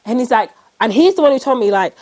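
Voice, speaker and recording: A woman's voice: a little high, expressive, fast, a little mellow. A woman, co-hosting a podcast, telling stories in casual chat and acting out what people said. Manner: chatty storyteller, acts out what people said. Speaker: podcast co-host.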